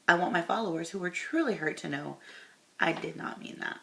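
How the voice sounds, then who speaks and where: A woman's voice: on the low side, fairly quick, creaky, bright, forceful tone. A woman talking straight to camera in a casual commentary vlog, stopping herself to correct course, then reading posts aloud. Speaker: commentary vlogger.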